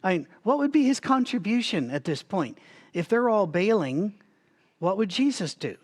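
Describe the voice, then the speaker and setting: Higher-voiced man teaching a Bible study. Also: big pitch swings, moderate pace. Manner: chatty, thinks aloud with restarts and asides. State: has a recurring cough.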